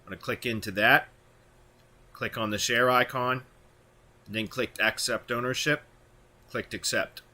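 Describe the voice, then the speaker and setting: A man talking through a software tutorial step by step in plain instructions, with occasional fillers. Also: mid-range voice, fairly even intonation, unhurried, pauses often. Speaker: tutorial host. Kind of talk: screen-recorded software tutorial.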